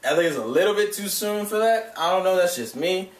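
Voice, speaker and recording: A man's voice: sits high, expressive, fairly quick. Rambling, profane young-sounding man in an echoey room. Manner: rambling, profane, laughs often. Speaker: anime reviewer. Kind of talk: casual vlog review. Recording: echoey room, mic at a distance.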